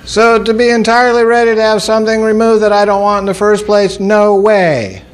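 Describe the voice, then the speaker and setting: A man's voice: high-pitched, fairly even intonation, brisk. A man telling folksy, humorous stories to an audience, mocking himself with a dry wit. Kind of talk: storytelling talk to an audience.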